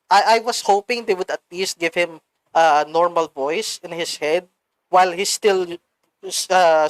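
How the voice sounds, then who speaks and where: A woman with a Filipino accent, chatting as a podcast co-host, animated and swearing freely, slipping Filipino words into English. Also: fairly low pitch, no echo, low-quality recording. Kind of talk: casual chat.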